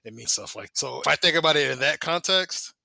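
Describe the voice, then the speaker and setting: A man's voice: fairly high pitch, expressive, brisk, creaky, bright, forceful tone, no room sound. A man co-hosting a casual podcast chat, thinking aloud with hesitant restarts. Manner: thoughtful, hesitant. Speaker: co-host.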